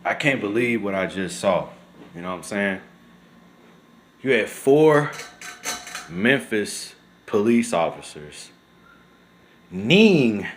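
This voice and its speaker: Young guy venting to the camera, upset, keeps saying man, gets loud and high when he's mad. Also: slight background noise. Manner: upset and indignant, repeats "man" often; drawn-out and low when shaken, rises sharply when angry. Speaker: vlogger. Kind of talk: emotional casual commentary to camera.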